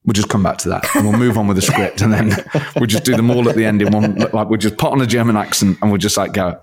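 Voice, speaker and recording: Excitable, low-voiced male comedian. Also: fast talker, few pauses. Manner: excitable, self-deprecating, laughs often. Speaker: comedian and impressionist guest. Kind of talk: casual interview chat.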